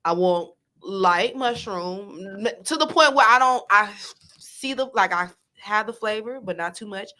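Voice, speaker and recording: Woman co-host, lively swings in pitch, chatty and rambling. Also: unhurried, hardly any pauses. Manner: animated, chatty, restarts a lot. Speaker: podcast co-host. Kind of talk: casual chat.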